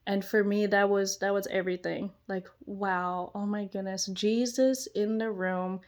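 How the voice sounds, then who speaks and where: A young woman and children's church teacher giving an excited personal testimony, gushing and exclamatory, often breaking into laughter. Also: medium pitch, a little slow.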